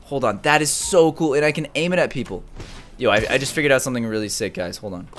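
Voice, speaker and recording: A young man giving excited live commentary as he streams a game, jumping from mumbling to shouts and laughter. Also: mid-range voice, quick pace, a little hiss or hum.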